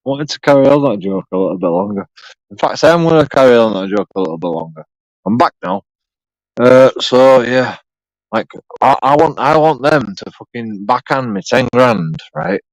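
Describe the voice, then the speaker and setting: Bloke ranting to camera, swears a lot, dry close sound. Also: male voice, mid-range voice, animated, moderate pace, no echo, rough recording. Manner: profane, rambling, sarcastic, repeats himself. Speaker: YouTube auditor. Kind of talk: rambling solo vlog monologue.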